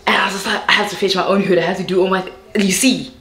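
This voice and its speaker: A woman of 21 with a South African accent, Zulu her first language, telling an animated vlog story that switches into Zulu phrases. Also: medium pitch, rapid-fire, reverberant. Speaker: YouTuber.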